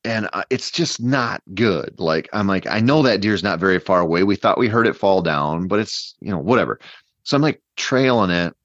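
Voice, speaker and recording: A man casually telling a long story in a rambling, animated way, full of fillers and restarts. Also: low-pitched, normal speed, dry recording. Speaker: podcast guest hunter. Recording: dull, dry podcast mic.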